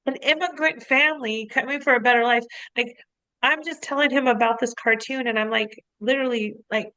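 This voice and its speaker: A woman co-hosting a casual podcast as a coach, talking in an animated, storytelling way, full of "like" fillers and easy laughs. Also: a little high, fairly quick, no echo, poor audio.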